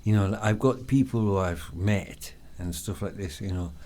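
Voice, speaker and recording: This podcast guest from England speaks with an English accent, rambling through casual chat full of fillers and regular swearing. He has a low, mellow voice at a moderate pace.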